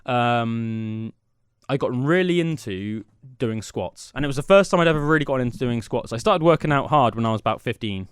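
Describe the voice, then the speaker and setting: A man's voice: medium pitch, animated, fairly quick, clean tone, no echo, clean studio sound. A young man, co-hosting a podcast as a rambling, self-mocking storyteller. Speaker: podcast co-host. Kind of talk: casual chat. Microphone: studio mic.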